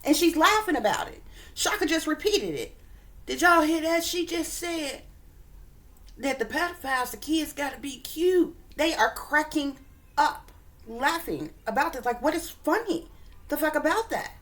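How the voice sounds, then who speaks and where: A woman's voice: sits high, expressive, moderate pace, fairly bright tone. A woman hosting a reaction video, indignant and repeating her points for emphasis. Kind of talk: reaction commentary.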